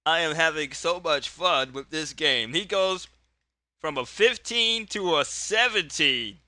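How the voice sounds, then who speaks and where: Slow-talking man narrating a wrestling game. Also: on the high side, lively intonation, bright, forceful tone, no echo, studio quality. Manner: rambling, self-correcting, cheerful. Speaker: game host narrating a solo wrestling tabletop game.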